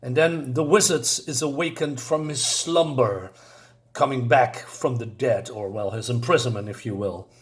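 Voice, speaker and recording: A man's voice: medium pitch, normal speed. A man reviewing a comic book, recapping the plot in a rambling, casual way and reading character lines aloud.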